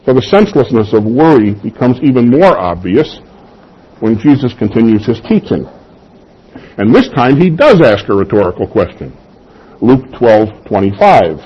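Husky-voiced man preaching a sermon. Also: lowish voice, dull audio. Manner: emphatic, with rhetorical questions and soft chuckles. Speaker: pastor.

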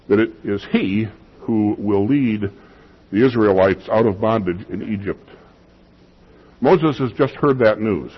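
A male pastor delivers a sermon with emphasis, often repeating his key phrases for weight. His voice sits low and a little husky. The recording is dull and lo-fi.

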